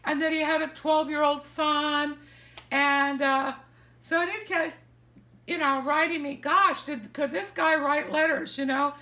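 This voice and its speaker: A woman's voice: high voice, fairly even intonation, unhurried, bright, forceful tone, echoey room. A woman hosting a casual advice talk, rambling and repeating words with lots of fillers. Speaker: host.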